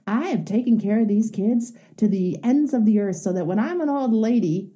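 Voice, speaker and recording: A woman's voice: medium pitch, expressive, moderate pace, warm tone. A woman talking frankly and emphatically as a host, telling a personal story and giving advice.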